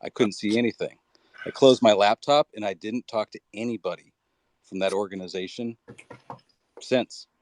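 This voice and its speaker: A man's voice: on the low side, normal speed, pauses often, a little mellow. A man speaking candidly and reflectively in a casual online audio chat, with frequent loose fillers.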